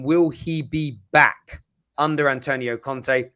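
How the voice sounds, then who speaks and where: A man's voice: mid-range voice, brisk, pushed and bright. A man hosting a football live stream in casual chat, often stumbling and repeating words.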